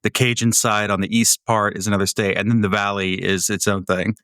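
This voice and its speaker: Dry-humored low-voiced man chatting. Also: flat delivery, a little fast, a bit bright, smooth, dry recording. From Florida. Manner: wry, swearing, rambling storyteller. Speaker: podcast co-host. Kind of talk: casual podcast chat.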